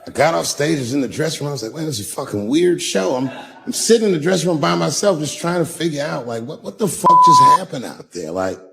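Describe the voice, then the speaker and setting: Gravelly-voiced man telling stand-up stories. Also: on the high side, huge pitch swings, quick pace, crowd noise. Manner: profane, loose, conversational delivery with sudden loud acted quotes. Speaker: stand-up comedian. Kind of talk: stand-up storytelling with crowd work. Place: comedy club stage.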